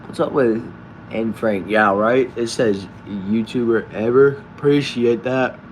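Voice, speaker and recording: A man casually hosting a live stream from a backyard shed, reading viewers' comments aloud and answering them in a relaxed way. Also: mid-range voice, a little slow, slight background noise. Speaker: livestream host reading chat.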